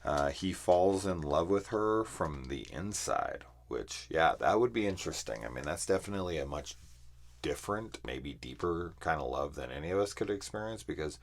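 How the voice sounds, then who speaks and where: Man, very deep voice, profane, exasperated, casual film review rant. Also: creaky.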